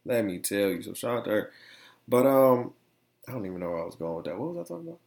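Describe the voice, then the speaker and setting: A man's voice: lowish voice, expressive, fast, creaky, a little mellow. A young man hosting a casual solo podcast, rambling and slangy as he tells stories with plenty of animation. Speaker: podcast host.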